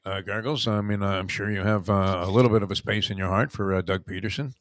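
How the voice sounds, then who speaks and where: A man's voice: lowish voice, fairly even intonation, fast talker, dry recording, studio quality. A man hosting a sports radio show, chatting loosely and running a call-in trivia game. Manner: loose, joking, filler-heavy banter. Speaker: radio host.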